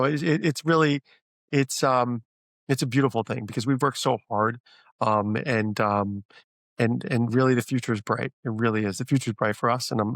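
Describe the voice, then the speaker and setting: A middle-aged man talks through a casual business interview, circling his points with fillers and false starts. His voice sits at an ordinary pitch. The recording is close and dry. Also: no echo. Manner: rambling, many fillers and restarts; animated when retelling stories. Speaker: franchise founder guest.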